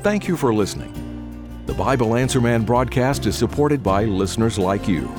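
A man reading a scripted radio broadcast outro, measured and clear as he gives contact details. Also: on the low side, big pitch swings. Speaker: radio announcer. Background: music bed.

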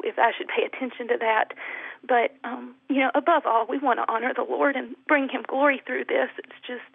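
A woman calling in to a radio show, speaking softly and haltingly with many pauses. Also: fairly high pitch, gravelly, no room sound. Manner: soft, halting, many ums. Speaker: caller. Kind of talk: emotional phone-in call. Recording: tinny phone line.

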